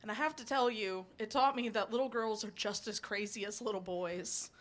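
A woman's voice: mid-range voice, normal speed, fairly bright tone. A woman in her twenties performing a stand-up comedy set, telling blunt, profane stories, chuckling between lines and rambling with fillers when she loses her place.

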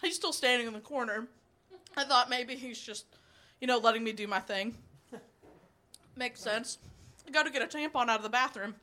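A woman's voice: fairly high pitch, moderate pace, pauses often, pushed and bright. A woman in her twenties performing a stand-up comedy set, telling blunt, profane stories, chuckling between lines and rambling with fillers when she loses her place.

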